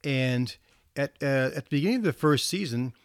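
A male counselor giving a storytelling talk to parents. He speaks in a relaxed, conversational way with small restarts. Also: mid-range voice, moderate pace, clean tone, no room sound, studio quality.

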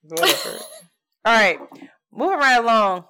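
A woman's voice: on the high side, sing-song, measured pace, pushed and bright, clean tone. A woman with a Philadelphia accent co-hosting a podcast in casual chat, slangy and laughing often, recorded on a makeshift setup in a basement. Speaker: podcast co-host. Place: basement, on the floor. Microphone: makeshift setup without her recording gear.

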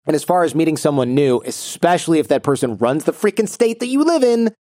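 A man's voice: fairly high pitch, sing-song, fast talker, a little mellow, dry recording, studio quality. A young man co-hosting an advice show, telling anecdotes in a blunt, wry way. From United States. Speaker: advice podcast co-host. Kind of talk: casual advice chat with anecdotes.

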